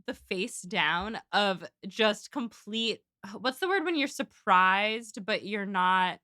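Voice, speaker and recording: A woman's voice: mid-range voice, lively intonation, takes it slowly, sharp tone, no room sound, clean studio sound. A woman co-hosting a podcast in casual chat, animatedly acting out characters as she retells scenes. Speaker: podcast co-host.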